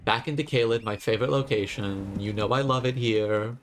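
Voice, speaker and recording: A man's voice: fairly low pitch, a little fast, a little hiss or hum. A man streaming a video game and chatting to viewers with sarcastic, jokey asides. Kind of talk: live gameplay commentary.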